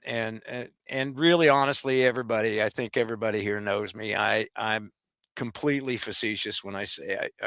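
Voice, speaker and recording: A man co-hosting a casual talk stream, halting and joking, often repeating words. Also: medium pitch, fairly bright tone, clean tone, no echo. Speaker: co-host. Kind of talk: casual chat.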